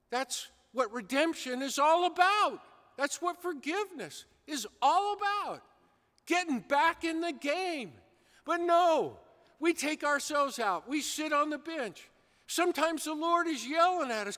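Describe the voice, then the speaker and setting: A man preaching a sermon, telling an animated story with acted-out shouts. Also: very high voice, measured pace. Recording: long hall reverb.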